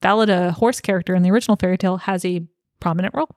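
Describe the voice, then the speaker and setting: A woman's voice: on the low side, fairly even intonation, racing, a little mellow, no echo, studio quality. A young woman co-hosting a podcast, casually recapping a novel's plot with wry asides and the occasional swear. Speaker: podcast co-host. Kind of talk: casual book discussion.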